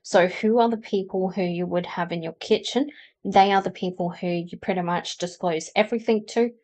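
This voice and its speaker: A woman's voice: lowish voice, moderate pace, darkish tone. A woman doing a pick-a-card tarot reading, chatting and explaining directly to the viewer. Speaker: tarot reader.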